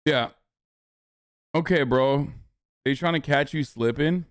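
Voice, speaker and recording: A man's voice: mid-range voice, slow, clear, resonant tone, no room sound, studio quality. A young man hosting a livestream, ranting in a casual, profane and argumentative way. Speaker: livestream host.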